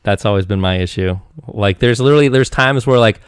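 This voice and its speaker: A man in his thirties from Eastern Washington tells stories in a rambling, animated way, restarting his sentences often. His voice sits fairly low and sounds smooth and clear. The recording is dry and close. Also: a little fast, dry recording. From Eastern Washington, USA. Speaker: podcast guest. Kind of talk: casual chat.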